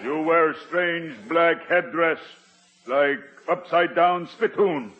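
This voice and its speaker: An actor playing a solemn older tribal chief who speaks in halting, clipped phrases, in a 1950s radio sitcom. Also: male voice, a little high, slight background noise. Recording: dull 1950s radio recording.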